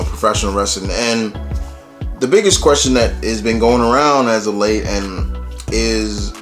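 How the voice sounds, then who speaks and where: Casting note: low-pitched male vlog host, loose casual delivery, faint music underneath. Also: fairly bright tone. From New York. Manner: loose, rambling, many fillers. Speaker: YouTube host. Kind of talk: casual wrestling commentary vlog.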